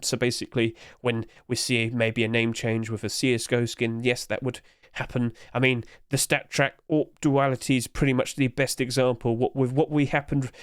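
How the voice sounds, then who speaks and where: A man's voice: medium pitch, clean tone, dry recording, studio quality. A young man talking casually through a screen-recorded trading tutorial, rambling with many fillers. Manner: rambling, breaks into laughter. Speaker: YouTuber giving trading tips.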